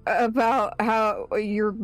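Brief: female tabletop player, slow pace, exasperated banter. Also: mid-range voice, flat delivery. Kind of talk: tabletop role-play banter.

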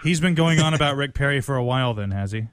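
A man's voice: mid-range voice, animated, fast talker, smooth, dry recording, studio quality. A male host chatting casually with a caller, in a wry, teasing way. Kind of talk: casual chat.

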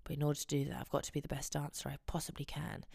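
A woman's voice: sits low, level tone, rapid-fire, vocal fry, a little mellow, breathy edge, dry recording, clean studio sound. A young adult woman hosting a podcast, chatting casually and telling rambling, giggly stories. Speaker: podcast host. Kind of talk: casual chat.

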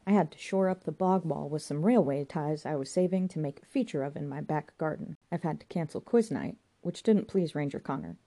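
A woman's voice: sits low, a little fast, few pauses, dark tone. A woman voicing a rambling, self-important male pub landlord with a banged head. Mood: chatty.

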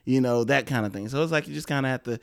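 A man's voice: mid-range voice, rapid-fire, creaky, smooth, no echo, studio quality. Easygoing man telling family stories. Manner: relaxed storyteller, acts out family quotes. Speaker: podcast co-host. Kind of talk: casual chat.

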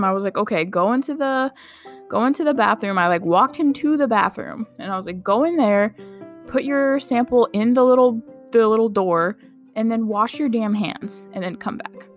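Speaking at a fairly high pitch, a young medical clinic worker recounts something that happened to her. Her tone is chatty and disbelieving, peppered with "like" and broken up by laughter.

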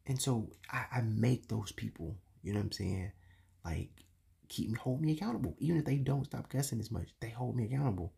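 A man's voice: mid-range voice, animated, fairly quick, vocal fry, mellow, slightly rough. A young man hosting a faith talk for men, speaking casually and confessionally with lots of slang and fillers. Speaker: podcast host.

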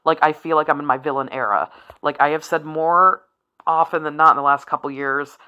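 This woman in her forties has a low voice with a bright, forceful edge, and she speaks fairly quickly on a dull-sounding recording. Talking candidly on her own, she's frank and swears freely, wandering into asides and laughing now and then.

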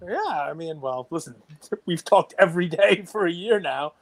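A middle-aged man co-hosting a casual podcast, excitable and rambling. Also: a little high, moderate pace, creaky, no room sound. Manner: excitable, rambling, self-described runaway train. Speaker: podcast co-host.

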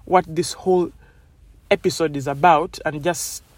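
A woman's voice: sits low, steady tone, measured pace, dry recording. Woman, podcast host, loose rambling motivational talk, dry close recording. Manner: chatty, rambling, many "you know"s. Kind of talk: casual motivational monologue.

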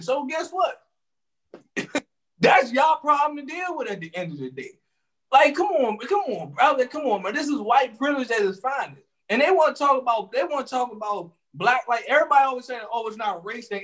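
Heated male co-host, very high voice, profane and animated. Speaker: podcast co-host. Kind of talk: casual commentary.

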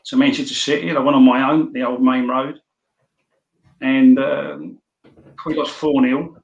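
Here a man from London, England, in his sixties, spins casual, rambling anecdotes as an interview guest and frequently restarts. He speaks at a measured pace in a level, mid-range voice, with reverberant, lo-fi sound.

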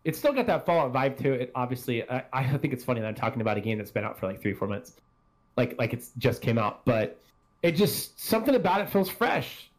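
A man's voice: medium pitch, big pitch swings, a little fast. A man hosting a casual gaming podcast, rambling and swearing freely as he talks. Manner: rambling, profane, self-deprecating. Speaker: podcast host.

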